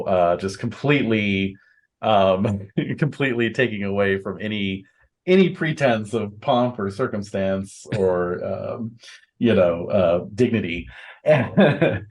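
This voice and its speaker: A man narrating as game master of a tabletop game, unhurried, with many fillers and restarts. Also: fairly low pitch.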